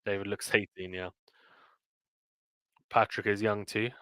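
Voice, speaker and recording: A man with a British accent hosting a live tennis play-by-play stream, chatting casually and reading viewer comments between points, then calling each point with rising excitement. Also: on the low side, measured pace, clean tone, no echo.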